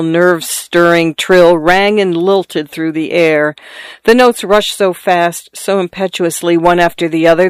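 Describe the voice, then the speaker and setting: A storyteller reading a classic tale at a measured, descriptive pace. The voice is smooth and clear, of middle pitch, and recorded close with a dry, dead sound and no room echo. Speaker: narrator. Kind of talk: scripted narration of a classic story.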